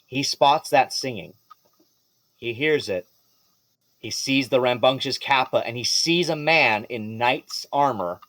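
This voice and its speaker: A man narrating as game master of a tabletop game, animated and swearing freely. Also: mid-range voice, unhurried, dry recording.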